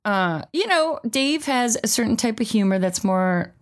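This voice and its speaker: A woman's voice: on the high side, expressive, moderate pace. A woman co-hosting a casual chat, joking and playful. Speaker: podcast co-host.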